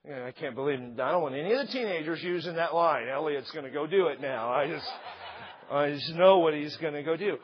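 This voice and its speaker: A middle-aged male pastor preaching a sermon, animated and joking, acting out quotes along the way. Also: fairly high pitch, a little fast, slightly rough. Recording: slightly dull lo-fi sound.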